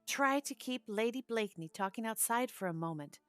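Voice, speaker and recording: A woman's voice: fairly high pitch, lively intonation, fairly quick, no room sound, soft background music, voice pushed up, lightly acted. A woman reading an audiobook, voicing a fashionable young English lord who is exasperated and swears oaths.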